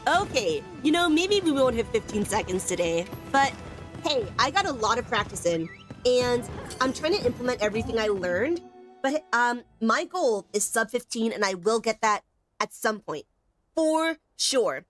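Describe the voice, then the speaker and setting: A woman's voice: on the high side, very animated, moderate pace, music in the background. A young woman giving bubbly, self-teasing live gameplay commentary from home as a streamer. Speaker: gaming streamer.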